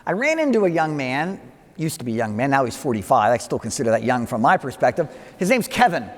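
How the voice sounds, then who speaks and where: Older priest with a lively voice in a reverberant church. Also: male voice, mid-range voice, fast. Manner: storytelling with asides and gentle humor. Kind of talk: wedding homily.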